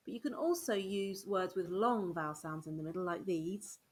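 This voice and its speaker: A woman primary school teacher, patiently explaining a phonics game to parents and sounding out words slowly. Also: lowish voice, a little mellow, slight background noise.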